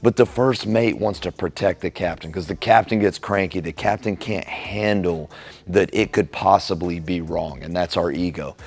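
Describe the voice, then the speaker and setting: A man giving a casual motivational talk on relationships, acting out little dialogues and softening his tone for the caring lines. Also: sits low, normal speed. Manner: animated storyteller acting out quoted dialogue.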